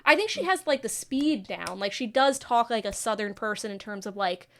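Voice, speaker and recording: A woman's voice: mid-range voice, animated, moderate pace, slight background noise. A woman in her twenties from the American Midwest, co-hosting a podcast in casual, gushing chat. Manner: chatty, gushing, quotes herself. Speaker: podcast co-host.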